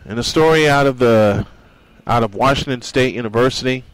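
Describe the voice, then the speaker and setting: A man's voice: medium pitch, brisk, dry recording, poor audio. A man hosting a sports radio show, speaking earnestly in a monologue and reading quotes aloud.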